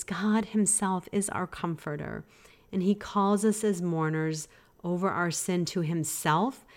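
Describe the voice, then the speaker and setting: A woman hosting a devotional podcast, teaching in an earnest, gently exhorting way. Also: fairly low pitch. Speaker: podcast host.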